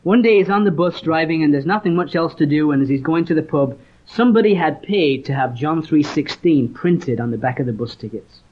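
A man's voice: fairly high pitch, brisk, hardly any pauses. A man from England, preaching a sermon and telling stories with earnest conviction. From Leeds, northern England. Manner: earnest storytelling, reads scripture aloud. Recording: dull lo-fi recording.

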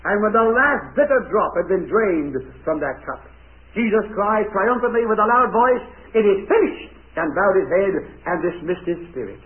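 A man's voice: high-pitched, sing-song, normal speed. A man preacher giving an object-lesson sermon to children and adults, emphatic and dramatic, stopping to put questions to the children. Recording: tinny, phone-like old recording.

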